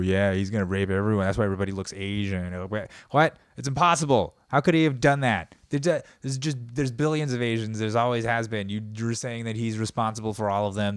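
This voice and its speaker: A man hosting a podcast, riffing in a rambling, sarcastic comedic monologue that swings between loud outbursts and mumbled asides. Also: fairly low pitch, smooth, no room sound, clean studio sound. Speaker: podcast host.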